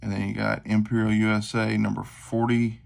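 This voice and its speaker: A man's voice: on the low side, completely flat delivery, normal speed, gravelly, a little mellow. A man, talking casually and rambling through a show-and-tell of his gear, with lots of fillers and self-deprecating asides. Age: 40s. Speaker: knife collector vlogger. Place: tabletop at home.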